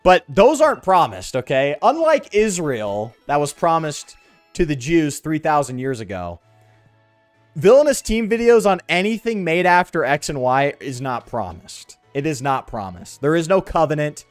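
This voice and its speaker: A man streaming a game, chatting casually in an animated, slangy, ranting way. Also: a little high, normal speed, dry recording, soft background music. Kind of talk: casual live-stream chat while gaming.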